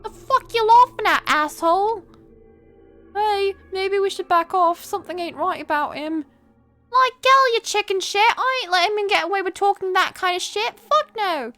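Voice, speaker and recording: A woman's voice: extremely high pitch, steady tone, normal speed, hardly any pauses, fairly bright tone, faint music behind, voice pushed up. A woman voicing a crude, taunting young male street thug with a mocking, put-on street accent while reading a game aloud. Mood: jeering menace.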